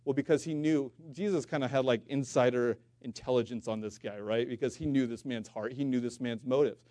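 Mellow-voiced man preaching a sermon. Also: medium pitch, no room sound. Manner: earnest, conversational preaching with many restarts and rhetorical questions; reads scripture aloud in King James wording, louder and slower.

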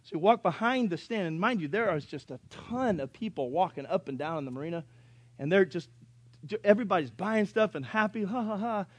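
A man in his thirties preaching a sermon, telling folksy stories with joking asides and rising to loud, emphatic preaching. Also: sits high, animated, a little fast, dry recording. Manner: swings from quiet storytelling to loud preaching. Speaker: pastor.

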